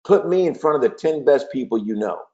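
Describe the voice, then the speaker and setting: A man's voice: medium pitch, fairly quick. Persuasive male sales trainer, lo-fi audio. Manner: energetic, persuasive coaching. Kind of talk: webinar training talk with role-play. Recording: dull lo-fi webinar audio.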